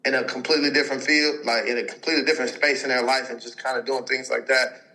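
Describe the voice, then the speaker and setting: Bright-voiced young man telling a story. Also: medium pitch, little pitch movement, fast, low-quality recording. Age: 20s. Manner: rambling, heavy on filler words, acts out others' lines. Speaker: podcast guest, pro football player. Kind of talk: casual storytelling.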